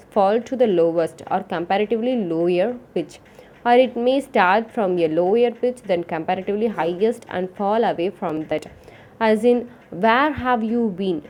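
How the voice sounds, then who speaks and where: A woman reading a lecture text aloud in a steady, measured way, with some misreadings. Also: medium pitch. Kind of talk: read-aloud lecture on English phonetics.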